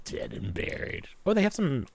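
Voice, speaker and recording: A man co-hosting a podcast in casual chat, animated and joking, swearing casually. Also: high-pitched, normal speed, vocal fry. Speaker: podcast co-host.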